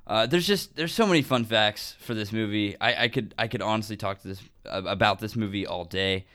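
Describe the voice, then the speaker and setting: A man with a low, smooth, resonant voice co-hosts a relaxed film podcast. He rattles off movie trivia with eager enthusiasm, dotting his talk with "um" and "like". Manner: enthusiastic, trivia-loving, fillers like "um" and "like". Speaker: podcast co-host. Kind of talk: casual movie chat.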